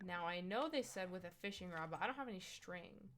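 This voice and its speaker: A woman's voice: on the low side, lively intonation, fairly quick, fairly bright tone, a little hiss or hum. A young woman from the US Midwest chatting casually on a gaming live stream, rambling through stories and talking to game animals as she plays.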